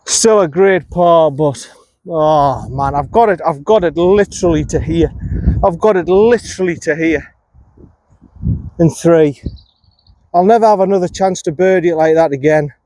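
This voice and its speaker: A man's voice: a little high, normal speed, long pauses, mellow, dry recording. A man, a golf vlogger giving casual, chatty commentary while playing, talking to himself and swearing mildly. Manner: chatty, talks to himself, frequent mild swearing. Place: outdoors on a golf course. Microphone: phone camera.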